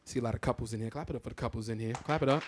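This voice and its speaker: A man doing a live stand-up comedy set on a theatre stage, telling stories in a loud, exclamatory, profane way. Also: medium pitch, racing, background noise.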